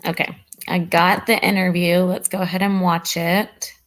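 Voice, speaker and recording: A woman chats casually as she hosts a true crime livestream from her computer. Her voice sits a little low, and she talks to her chat in a loose, friendly way, saying "y'all" often. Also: little pitch movement, normal speed. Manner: chatty, warm toward chat, says "y'all" often.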